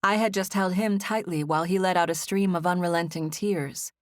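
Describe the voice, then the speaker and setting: A woman narrating a novel as an audiobook in a gentle, even first-person storytelling style. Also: lowish voice, fairly quick, no room sound, clean studio sound.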